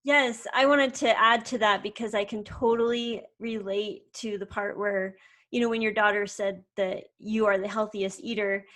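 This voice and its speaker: A woman's voice: mid-range voice, steady tone, normal speed, a bit bright. A woman co-hosting a casual chat, speaking earnestly about her own experience. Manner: earnest, relating.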